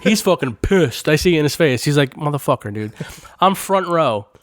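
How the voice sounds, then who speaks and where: A man's voice: fairly high pitch, lively intonation, normal speed, no room sound. Podcast guest, man, rambling profane storyteller, close dry sound. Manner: profane, rambling storyteller who laughs often. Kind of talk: casual podcast chat.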